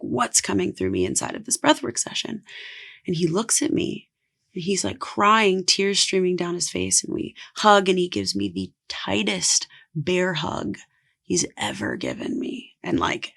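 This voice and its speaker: An earnest woman tells a personal story as a podcast guest, her voice carrying a gravelly fry at the ends of phrases. She talks casually and leans on "like" as she goes, over a close podcast mic. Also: lowish voice, fairly bright tone. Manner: earnest, heavy use of "like". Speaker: podcast guest, spiritual coach.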